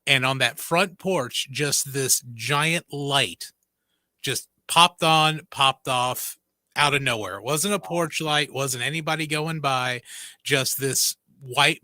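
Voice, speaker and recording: A man co-hosting a radio show, telling a story in a relaxed way and chuckling. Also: mid-range voice, slow, no echo. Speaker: radio co-host. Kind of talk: casual storytelling chat.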